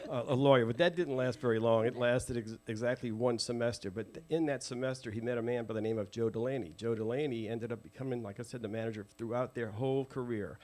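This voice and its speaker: Lively New man telling stories. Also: mid-range voice, fast talker, few pauses. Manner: lively, acts out quoted voices, laughs often. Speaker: interview guest telling family stories. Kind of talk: animated storytelling to a live audience.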